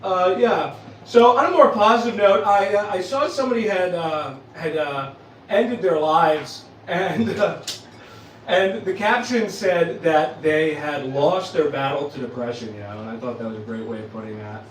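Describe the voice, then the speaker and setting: A man's voice: fairly high pitch, moderate pace, slight background noise. A man from Trenton, New Jersey, doing a profane, self-deprecating stand-up set and laughing at his own jokes. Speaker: stand-up comedian. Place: comedy club stage. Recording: roomy club sound, mic at a distance, audience.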